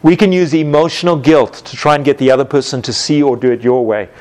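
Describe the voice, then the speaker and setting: A man teaching a Bible class, telling everyday stories with lively acted-out moments and questions to his students. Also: medium pitch, fast. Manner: animated storytelling, acts out scenes with sound effects.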